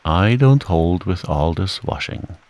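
Guy doing a grumpy old donkey, low gravelly grumble, storybook. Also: sing-song, slow pace, warm tone, heavily acted. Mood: grumbling. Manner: grumbling, disapproving.

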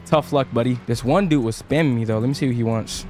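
Excitable slang-talking gaming host. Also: male voice, medium pitch, fast, over loud music. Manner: excitable, slang-heavy, laughs often. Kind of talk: casual game commentary and role-play.

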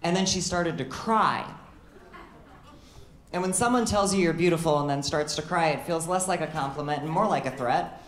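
A young woman from Illinois performing a stand-up set in a comedy club, telling stories with dry delivery and quick impressions of the people in them. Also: sits low. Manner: dry storytelling, quick animated impressions of others. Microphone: handheld stage mic. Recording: echoey club with audience noise.

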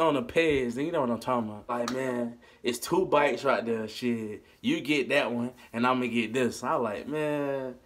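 A man telling a funny story about his youth in a casual, animated, profane way, laughing as he goes. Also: mid-range voice, slightly rough. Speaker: vlogger.

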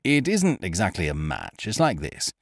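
A man's voice: deep voice, huge pitch swings, moderate pace, gravelly, dry recording, clean studio sound, voice pushed down, exaggerated voice. A man voicing an exuberant, blustering young boxing manager who talks in a hearty, boastful way.

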